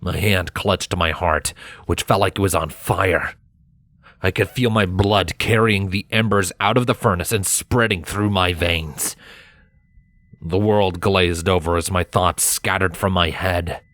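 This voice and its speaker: A man's voice: low voice, fairly even intonation, a little slow, fairly bright tone, dry recording. A man steadily narrating a first-person fan story as the reader. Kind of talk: audiobook fanfiction reading.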